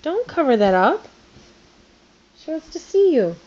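A woman with a high voice coaxes a small child in a playful, sing-song way. Her words come through a dull, lo-fi phone recording, as in a casual home video. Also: sing-song, measured pace, a little mellow. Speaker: caregiver talking to a toddler.

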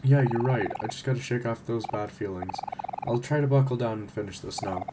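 A man voicing a shy, timid teenage girl artist, over loud background noise. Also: medium pitch, a little fast, natural voice. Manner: timid, soft-spoken.

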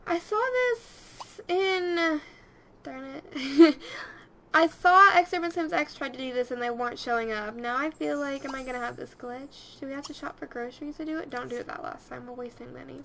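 A woman's voice: high-pitched, steady tone, a little fast, vocal fry, bright, forceful tone, slight background noise. A young woman giving rambling, casual commentary over her video game and talking to her characters. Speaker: let's play host.

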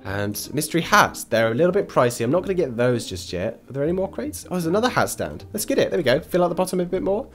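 A young man giving excitable, chatty gameplay commentary and talking straight to his viewers. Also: fairly high pitch, quick pace, few pauses. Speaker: YouTuber.

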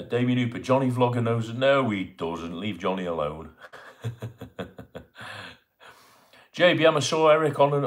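A middle-aged man hosting a casual live stream from home, chatting and greeting viewers by name as he reads their comments. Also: medium pitch. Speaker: livestream host. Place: home in Bournemouth.

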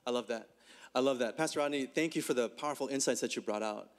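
A man's voice: medium pitch, fast. A man pastor with a mid-range voice talks reflectively in a church. He speaks in conversational sermon dialogue and restarts his phrases now and then.

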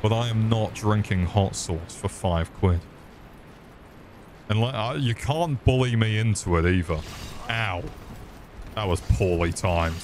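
A man's voice: on the low side, lively intonation, takes it slowly, slight background noise. A man streaming a game, swearing often and joking with his chat. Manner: swearing, joking, chatting to viewers. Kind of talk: casual gaming commentary.

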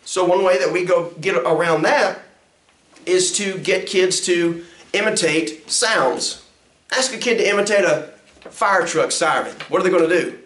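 A man, a pastor teaching a music ministry class in an animated lecture that swoops up and down in pitch. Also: unhurried. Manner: acts out sounds and quotes with big pitch jumps. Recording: roomy echo.

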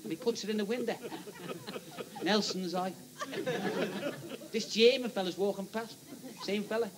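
A stand-up comedian with a Liverpool accent telling a joke, chatty and teasing the audience. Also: male voice, high voice, normal speed, crowd noise. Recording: live audience laughter and noise.

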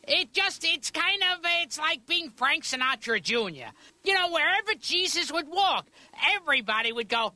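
A man performing a stand-up comedy routine as a patient, loud with a shrill screech. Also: sing-song, normal speed, no room sound.

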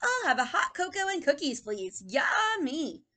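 A woman voicing an excited little boy who loves the rain in a storybook read-aloud, with a squealing, bouncy cheer. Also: high-pitched, a little slow, voice pushed up, exaggerated voice. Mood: gleeful.

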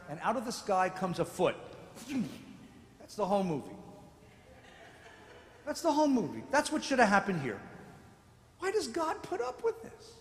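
Male rabbi lecturing, high and very lively voice, booming long-reverb sanctuary. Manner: animated, swings from quiet asides to shouted rebukes. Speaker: rabbi giving a memorial lecture. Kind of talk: lecture sermon with storytelling. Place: synagogue sanctuary. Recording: echoey hall with long reverb.

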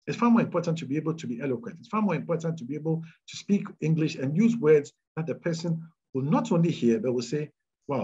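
Ghanaian man, lively career advice, husky voice, dull lo-fi stream. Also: a little high. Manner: animated, emphatic, repeats key advice. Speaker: speaker answering audience questions.

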